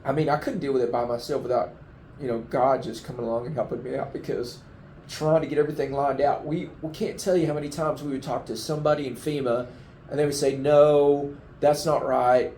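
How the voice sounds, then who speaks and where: A man tells his story in an interview with a mellow, darker voice, speaking in a heartfelt and halting way as emotion breaks through. His voice rings in a roomy, echoing space. There is a faint wash of background noise behind him. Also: mid-range voice, fairly even intonation. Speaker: flood survivor giving testimony. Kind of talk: interview testimony.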